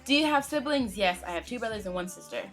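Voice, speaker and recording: A woman's voice: mid-range voice, expressive, fast talker. A young woman co-hosting a casual fan Q&A, goofy and giggly, breaking into playful outbursts. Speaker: K-pop reaction channel co-host. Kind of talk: casual Q&A chat.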